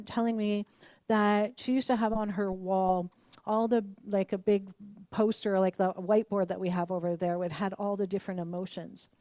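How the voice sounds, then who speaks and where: A middle-aged woman minister giving a conversational, animated sermon and acting out the voices of the people she quotes. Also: mid-range voice, no echo.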